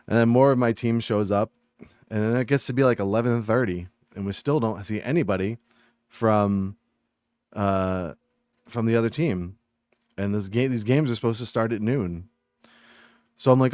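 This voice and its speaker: A man's voice: lowish voice, normal speed, pauses often, darkish tone, no echo, studio quality. A man from Massachusetts chatting and ranting on a live game stream, reading viewer chat aloud.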